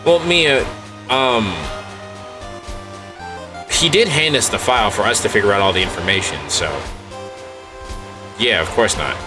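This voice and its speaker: A man's voice: on the low side, unhurried, long pauses. A man streamer chatting crudely and casually while playing a game. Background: game music.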